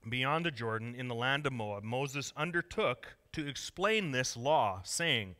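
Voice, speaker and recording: Bright-voiced preacher in a hall. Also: male voice, mid-range voice, lively intonation, measured pace, hardly any pauses. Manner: conversational, joking, emphatic. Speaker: pastor. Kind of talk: sermon. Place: church. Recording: long reverb of a church hall.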